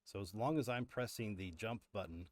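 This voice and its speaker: A man's voice: on the low side, a little fast. A man hosting a live stream, explaining step by step as he works, with frequent fillers and restarts. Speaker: livestream host. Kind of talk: live coding walkthrough.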